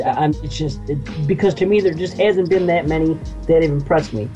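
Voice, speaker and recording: A man's voice: fairly high pitch, brisk, dark tone, dull audio, faint music behind. A man co-hosting a podcast in a casual, blunt way, swearing freely. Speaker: podcast co-host. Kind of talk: casual chat.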